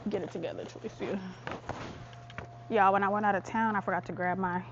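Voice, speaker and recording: A young woman talks straight to her viewers in a relaxed, chatty vlog, her voice at a middle pitch. She often drops to a hushed half-whisper. A faint hiss of background noise sits under her handheld phone recording. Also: a little fast, highs cut off. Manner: half-whispering to keep her business private. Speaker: vlogger. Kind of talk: casual vlog chat to camera. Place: home, stairs and outdoors. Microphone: phone or camera held by hand.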